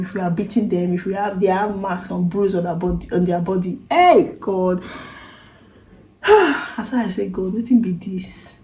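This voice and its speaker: A woman's voice: medium pitch, warm tone, reverberant, poor audio. Earnest Nigerian woman telling her story. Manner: emotional, earnest retelling with Pidgin phrases. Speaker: vlogger. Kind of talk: personal storytelling to camera.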